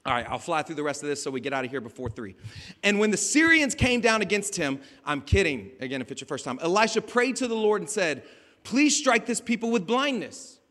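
Animated high-voiced male preacher in a hall. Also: quick pace. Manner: animated and joking, acting out scenes with shouted asides. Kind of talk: sermon. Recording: long reverb of a large hall.

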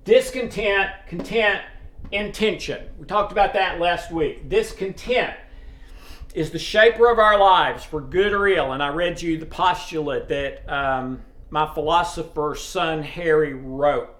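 A man's voice: on the high side, a little slow, a bit bright. A middle-aged man giving a sermon in a plain conversational teaching way, often checking in with his listeners. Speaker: preacher. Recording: roomy echo.

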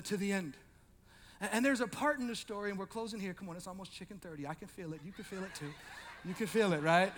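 A male pastor preaching an animated sermon, swinging from loud shouting to quiet intensity, with joking asides to the congregation. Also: high voice, long reverb tail.

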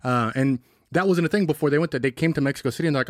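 A man co-hosting a casual podcast, quickly retelling movie scenes and acting out the lines. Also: medium pitch, dry recording. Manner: quick, acts out characters' lines while retelling. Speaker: podcast co-host. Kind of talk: casual chat about a movie.

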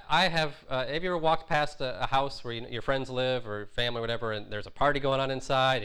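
A man gives a sermon in an informal, talky manner, with a voice of ordinary middle pitch. He stumbles over fillers and restarts now and then, and he slips into little voices for the people he quotes. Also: gravelly, pushed and bright, clean tone. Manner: conversational, with frequent fillers and restarts, acting out quotes. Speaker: preacher.

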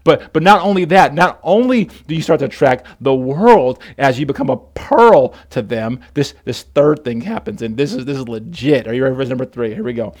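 A middle-aged man preaching a sermon as pastor. He often restarts his words and swings between loud emphasis and soft, low passages. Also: lively intonation, brisk, few pauses.

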